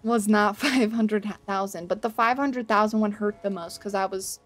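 A young woman streaming a video game, reacting with loud yelps, swearing and laughter, and joking at her own expense to her chat. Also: mid-range voice, steady tone, moderate pace, faint music behind. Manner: talks to chat, self-mocking. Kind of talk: live gameplay commentary.

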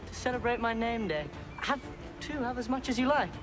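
A man's voice: very high voice, brisk, a bit bright, faint music behind. A young actor with a posh southern English accent playing a cruel boy king in a drama clip, mocking and menacing. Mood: taunting.

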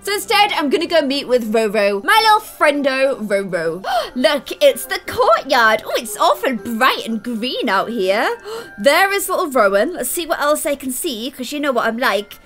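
A woman's voice: high-pitched, big pitch swings, moderate pace, fairly bright tone, faint music behind. A young Irish woman giving bubbly, chatty let's-play commentary as a gaming host. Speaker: gaming YouTuber.

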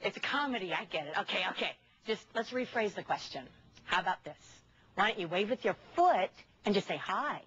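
A woman's voice: mid-range voice, expressive, fairly quick, slightly rough. A woman trainer showing off a parrot to an audience, upbeat and coaxing, laughing often. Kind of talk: live demonstration with commentary. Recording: muffled with loud ambient noise.

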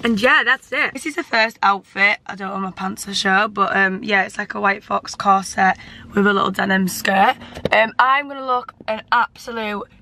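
A woman's voice: medium pitch, moderate pace, sharp tone. A young woman vlogging casually to camera, chatty, blunt and sweary, laughing easily. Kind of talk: casual vlog chat to camera.

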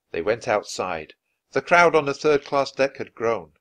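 Expressive man reading a children's book. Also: medium pitch, measured pace, no echo. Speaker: storybook reader. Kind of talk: children's book read aloud for learners.

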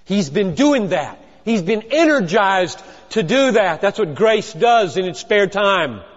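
An older man preaching a sermon, swinging from loud emphasis down to hushed, low lines. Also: very animated, measured pace. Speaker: pastor. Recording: dull lo-fi with long hall reverb.

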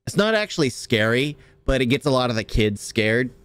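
American man reacting, smooth clear voice. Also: mid-range voice, big pitch swings, a bit bright. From United States. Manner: halting, with many fillers and restarts. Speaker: video reactor. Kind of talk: casual reaction commentary.

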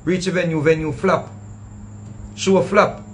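High-voiced man with a Jamaican accent. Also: measured pace, a little hiss or hum. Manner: animated, acting out what others said. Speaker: storyteller recounting a past show. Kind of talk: casual storytelling in patois.

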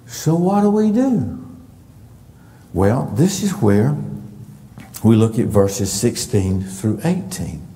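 A man's voice: medium pitch, dark tone. Emphatic preacher man in a reverberant sanctuary. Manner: emphatic, stresses words for effect. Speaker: pastor. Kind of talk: sermon. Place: church sanctuary. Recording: long reverb of a church hall.

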